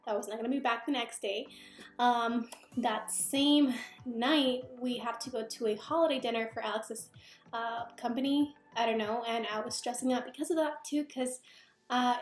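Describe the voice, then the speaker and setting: A woman teacher narrating her vlog in a quick, confiding, casual way. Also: on the high side, roomy sound. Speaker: vlogger, teacher.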